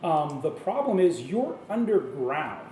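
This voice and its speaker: A man narrating as game master of a tabletop game, halting with fillers and restarts, in an echoey room with faint noise. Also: a little high, big pitch swings, darkish tone, distant mic. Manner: halting, many fillers and restarts, laughs at himself.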